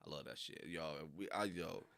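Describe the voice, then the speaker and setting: A man's voice: very deep voice, normal speed, gravelly, a bit bright, no room sound. A young man rambling casually on a livestream, full of slang and frequent laughter. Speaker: reaction streamer.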